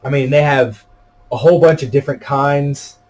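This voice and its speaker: A man's voice: mid-range voice, normal speed, a little mellow, slight background noise. Rambling, easygoing man vlogging. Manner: rambling, easygoing, many fillers. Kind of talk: casual chat to camera.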